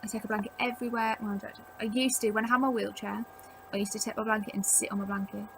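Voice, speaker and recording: A young woman vlogs from home, chatting to camera and rambling through tips with plenty of "like". She talks fast at medium pitch with a level tone and vocal fry, over a noisy background.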